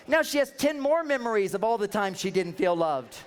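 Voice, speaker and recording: A man speaking as a relationship counselor, giving a humorous seminar talk with animated, joking storytelling. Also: sits high, fairly quick, slight background noise.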